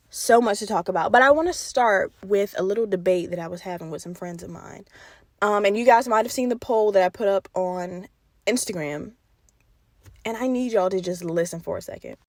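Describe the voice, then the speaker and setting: This podcast host is a young woman speaking at medium pitch, captured dry with studio quality. Her casual solo chat is animated and full of swearing and laughter, with a slight stutter, as she speaks right to her audience.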